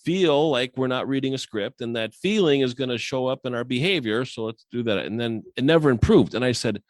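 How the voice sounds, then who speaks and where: Animated male sales coach, dry mic. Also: fairly quick, dry recording. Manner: animated, acts out quoted dialogue with sharp pitch jumps. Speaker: sales coach and podcast co-host. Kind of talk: casual podcast conversation.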